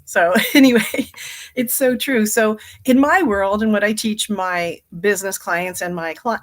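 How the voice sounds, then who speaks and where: A woman's voice: mid-range voice, a bit bright. A middle-aged woman, a hypnotherapist and business coach, giving a chatty, upbeat live training talk and laughing easily.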